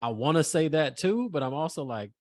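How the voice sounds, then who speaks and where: A man's voice: fairly high pitch, expressive, brisk, a little mellow, no echo, clean studio sound. A man co-hosting a casual podcast chat, talking bluntly and emphatically in slang. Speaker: podcast co-host.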